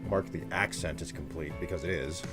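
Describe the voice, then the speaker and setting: A man's voice: low-pitched, fairly quick. A man casually chatting and joking with his viewers while livestreaming a video game. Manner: joking, chatty, talks to chat while playing. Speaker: streamer. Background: faint game music.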